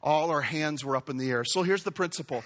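A man delivering a sermon in a high, bright voice. He preaches with eager enthusiasm and often repeats phrases for emphasis. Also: quick pace. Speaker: pastor. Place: church auditorium with several campuses.

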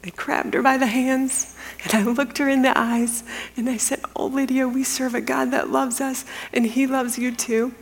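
A woman's voice: high-pitched, level tone, moderate pace. Earnest woman telling a story in a reverberant hall. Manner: earnest storytelling, drops to a hushed whisper for quiet moments. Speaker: women's ministry speaker. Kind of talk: testimony told as a sermon.

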